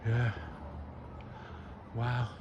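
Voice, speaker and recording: A vlogger in his fifties from Norwich, England, with a Norfolk accent, mumbles and rambles very slowly in a monotone, mid-range voice as he reminisces on a walk past a river and along streets. The lo-fi phone recording picks up outdoor background noise.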